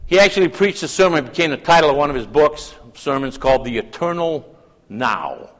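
A man preaching with a fairly high voice, rising to loud emphatic calls and dropping to hushed asides. His sermon rings through a large church with a long trailing reverb. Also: expressive, fairly quick.

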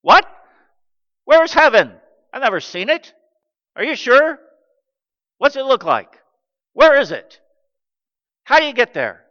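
A man's voice: extremely high pitch, very animated, a little slow, long pauses, bright, forceful tone, voice pushed up, exaggerated voice. A man acting out a doubtful male disciple who asks puzzled, pleading questions in a sermon. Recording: dull recording with long hall reverb.

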